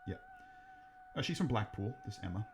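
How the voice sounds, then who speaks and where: Co-hosting a podcast, a man rambles casually through ghost stories, cracking jokes, cursing, and laughing at his own humor. His mid-range voice swoops wildly in pitch at a moderate pace, with music behind him.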